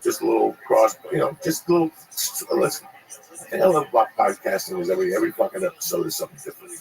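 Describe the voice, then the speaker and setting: A man's voice: lowish voice, sing-song, fast, creaky, darkish tone, poor audio. A man hosting his own podcast, talking in a brash, profane way while plugging upcoming shows. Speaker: podcast host and touring comedian. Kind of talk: casual podcast chat.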